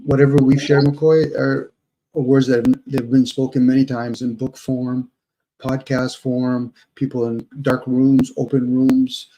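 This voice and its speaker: A man's voice: medium pitch, little pitch movement, a little slow, warm tone, a little hiss or hum, rough recording. A man on a live online panel, reflecting at length with everyday analogies and often addressing the host. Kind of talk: casual live-stream chat.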